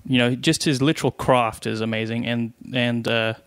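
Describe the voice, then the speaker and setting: Chatty podcast co-host, dry room. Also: male voice, medium pitch, normal speed, clean tone, no echo. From South Africa. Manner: chatty, easily amused, animated storyteller. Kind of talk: casual chat.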